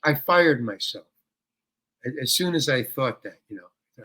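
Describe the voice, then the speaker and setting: Animated older man telling a story. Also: mid-range voice, measured pace, husky. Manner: animated, acts out dialogue with swearing. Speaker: interview guest, actor. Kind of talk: storytelling anecdote.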